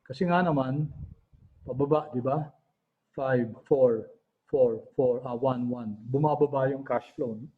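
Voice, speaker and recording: A man with a Filipino accent teaching an online class, switching between languages and pausing often with fillers and throat clearing. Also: mid-range voice. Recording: dull lo-fi audio.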